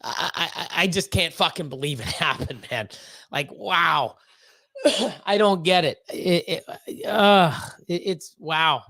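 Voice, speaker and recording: A reptile breeder hosting a livestream rants at length, blunt and heavily profane, often stumbling over repeated words. His voice is fairly high, slow, and creaky, with a sharp tone.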